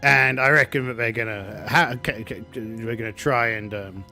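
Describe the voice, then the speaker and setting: A man's voice: medium pitch, moderate pace, bright, forceful tone, faint music behind. Man musing through a solo tabletop game. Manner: musing aloud, many restarts and fillers.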